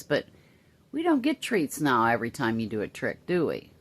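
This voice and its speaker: A woman chatting casually to viewers and talking to her pet bird in high sing-song baby talk. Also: expressive, moderate pace. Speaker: pet vlogger. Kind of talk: casual chat to camera and pet.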